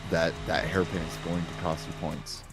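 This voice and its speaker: A deep-voiced man judges sim drift runs over a voice chat, emphatic and given to jokes. Faint game music plays behind him. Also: flat delivery, moderate pace, gravelly. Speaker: co-host and race official. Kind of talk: live sim-racing drift commentary.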